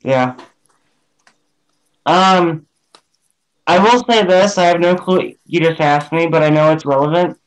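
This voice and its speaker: Guy with a high voice rambling in a casual group chat, lots of ums. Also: measured pace, long pauses, rough recording.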